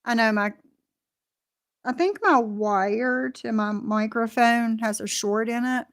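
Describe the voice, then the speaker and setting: A woman's voice: a little high, takes it slowly. A woman hosting a livestream, reacting bluntly to clips and reading out chat comments. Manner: blunt, indignant, reads chat comments aloud. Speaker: livestream host.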